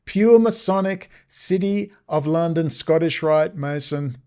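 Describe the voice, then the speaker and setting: A man's voice: fairly high pitch, measured pace, few pauses, dark tone, clean tone. Sarcastic rambling male commentator. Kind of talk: ranting video commentary.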